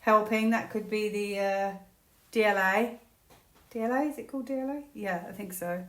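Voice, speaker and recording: A woman from the United Kingdom gives a casual solo tarot reading, musing aloud and breaking into excited, laughing exclamations. Her pitch is medium, her pace moderate, and the room is echoey.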